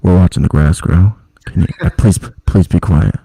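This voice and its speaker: A fussy golf commentator in a mock-hushed tone, begging the crowd for silence, as a man puts him on. The voice is low and gravelly, with a dark, mellow color. It comes through a dry, close recording. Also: normal speed, heavily acted.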